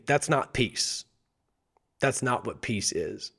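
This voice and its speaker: Man giving animated Bible teaching. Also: mid-range voice, takes it slowly, gravelly, slightly rough. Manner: animated, asks many rhetorical questions.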